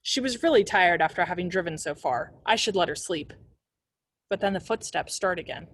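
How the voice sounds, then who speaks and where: A woman's voice: on the low side, animated, brisk, no room sound. A woman reading a novel aloud as a librarian, telling the first-person story expressively.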